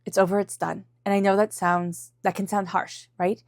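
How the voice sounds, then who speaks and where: Woman tarot reader, casual and reassuring, mid pitch, dry close recording. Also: little pitch movement, moderate pace, no room sound. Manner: chatty, reassuring, acts out quoted thoughts, laughs often. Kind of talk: casual tarot reading to camera.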